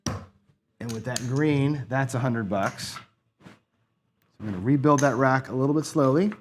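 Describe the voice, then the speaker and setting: A man's voice: mid-range voice, unhurried, a little hiss or hum. A man casually narrating his own craps game, counting chips and muttering frustrated asides to himself. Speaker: craps channel host. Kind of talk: casual play-by-play while gambling.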